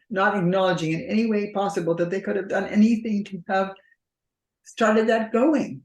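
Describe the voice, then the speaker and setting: A woman with a medium-pitched, steady, slightly mellow voice speaks at normal speed as a couples therapist in an interview, explaining patterns and acting out partners in quoted dialogue. There's roomy echo.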